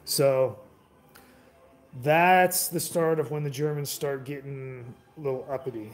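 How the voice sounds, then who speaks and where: A man's voice: medium pitch, steady tone, measured pace, faint music behind. A man giving a casual, rambling history talk, loose and profane, full of filler words and restarts.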